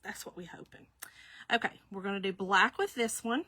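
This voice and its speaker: A woman, chatting casually on a live stream, laughing often and greeting viewers by name in a warm, folksy way. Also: medium pitch, moderate pace, dry recording. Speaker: live-stream shirt maker.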